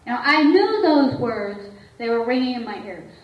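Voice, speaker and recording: A woman's voice: a little high, very animated, moderate pace. A woman therapist speaking candidly to an audience about her own life. She talks openly and laughs often. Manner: frank, laughs often, acts out quoted voices. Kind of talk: candid personal talk to an audience. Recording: echoey room, far from the mic, dull and lo-fi.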